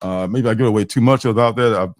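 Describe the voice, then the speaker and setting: A man's voice: lowish voice, fast talker, no room sound, clean studio sound. A man hosting a comic book livestream, chatting casually and rambling with fillers and restarts, sometimes acting out characters' lines.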